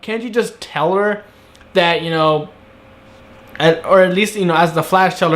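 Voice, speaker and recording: A young man giving a casual solo review of a TV episode, talking conversationally and acting out characters' lines in quick asides. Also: high voice, fairly bright tone.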